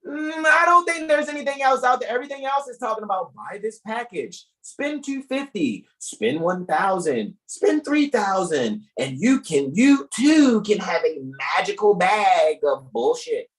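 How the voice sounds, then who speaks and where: A man's voice: high voice, big pitch swings, unhurried, hardly any pauses, a bit bright, poor audio. A man hosting an online study group over a video call, lecturing in a profane, emphatic, joking way. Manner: profane, emphatic, preachy with jokes.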